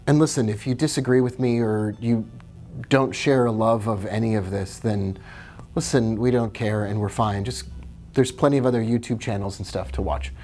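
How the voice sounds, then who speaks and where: A man's voice: lowish voice, steady tone, normal speed, a little mellow, soft background music. A man hosting a live trading stream, chatting casually, reading viewer questions and greeting them by name as he walks through charts.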